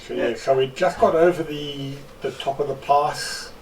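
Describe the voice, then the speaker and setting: A man's voice: fairly high pitch, moderate pace. A man at a game table earnestly explaining details, often restarting his sentences. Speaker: player. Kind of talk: casual chat at a game table. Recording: distant mic with faint noise.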